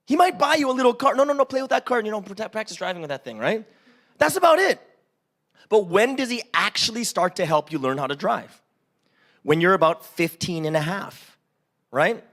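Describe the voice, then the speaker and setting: A young man preaching a sermon in a church, animated and conversational, acting out pleading voices and asking "right?" again and again. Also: high-pitched. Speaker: pastor.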